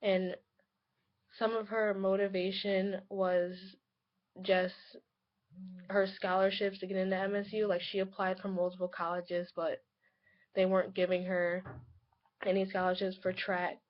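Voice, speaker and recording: A young woman who is sick and hoarse talks her way through a casual vlog, filling the gaps with "like" and "you know". Her voice stays flat and even, with little rise or fall. The recording is dull and lo-fi. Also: medium pitch, a little slow, long pauses. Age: young adult. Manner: rambling, heavy use of "like". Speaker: college student vlogger.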